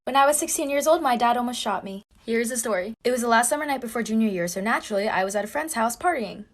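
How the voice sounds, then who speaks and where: A woman's voice: fairly high pitch, expressive, fast talker, few pauses. A young woman telling a personal story in a casual, breathless and dramatic way.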